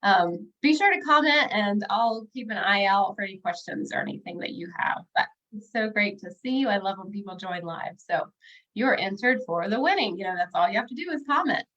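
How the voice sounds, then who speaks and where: A woman's voice: medium pitch, animated, a little fast, fairly bright tone. Chatty woman on a muffled livestream. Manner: chatty and upbeat, with frequent fillers, speaking directly to viewers. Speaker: bookkeeper and business coach. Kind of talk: casual livestream talk.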